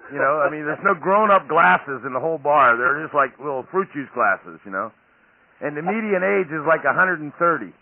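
A man's voice: a little high, animated, fairly quick, creaky. A man hosting a podcast interview, chatting casually and rambling with lots of fillers and restarts. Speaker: podcast host. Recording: tinny phone-line audio with faint noise.

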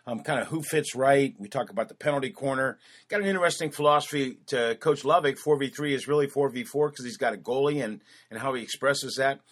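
A man's voice: mid-range voice, a little fast. A man hosting a lacrosse coaching podcast, introducing a guest in a rambling way with many fillers and restarts.

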